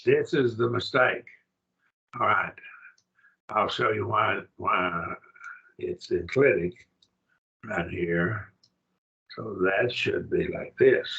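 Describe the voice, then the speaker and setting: A man's voice: fairly low pitch, slow pace, long pauses, a bit bright, lo-fi sound. An older man teaching a Greek grammar lesson, patient, checking that his student follows. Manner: patient, explains step by step, checks understanding.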